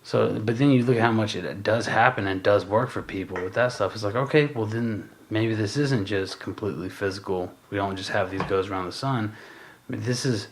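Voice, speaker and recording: A man's voice: on the low side, noisy background. A man co-hosting a podcast in casual chat, musing and rambling with lots of fillers and swearing. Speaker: podcast co-host.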